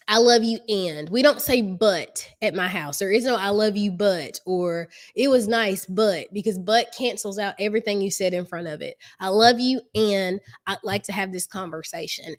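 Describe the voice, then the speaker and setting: A middle-aged woman hosting a live question-and-answer stream as a life coach, giving advice in a chatty way with frequent ums and self-corrections. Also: medium pitch.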